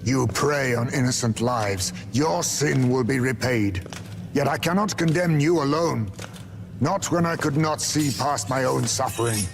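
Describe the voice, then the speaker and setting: Aged bat veteran, game role, solemn and grave, gravelly low voice over score. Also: male voice. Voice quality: deep, gravelly. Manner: solemn, measured declarations. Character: old male bat-like war veteran, grave and brooding. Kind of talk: video game voice acting. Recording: game clip with music behind.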